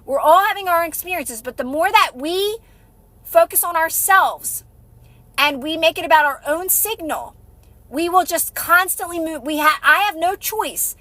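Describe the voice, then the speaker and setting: A woman's voice: very high-pitched, moderate pace, sharp tone, no room sound. A woman with children giving a motivational talk on a live stream, emphatic and repetitive, acting out little scenes as she goes. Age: adult with kids. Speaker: manifestation coach.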